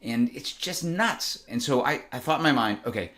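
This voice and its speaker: A man in his fifties hosting a podcast, telling his own story in a casual, earnest way, with chuckles and quick self-corrections. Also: medium pitch, animated, a bit bright. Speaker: podcast host.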